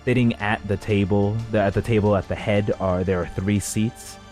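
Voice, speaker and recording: A man narrating a tabletop game as game master, describing scenes haltingly with many restarts. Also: lowish voice, steady tone, darkish tone, soft background music.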